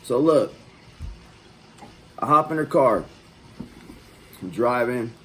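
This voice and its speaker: Man, vlog host, casual storytelling, loose and profane, mid-pitched voice. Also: lively intonation, slow pace, slight background noise, poor audio.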